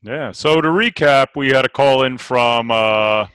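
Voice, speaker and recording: A man co-hosting a podcast in a loose, joking way, trading playful banter with his guests. His pitch sits in the middle range. The sound is dry, with no room echo. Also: unhurried, a bit bright, clean tone. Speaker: podcast co-host. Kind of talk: casual podcast chat.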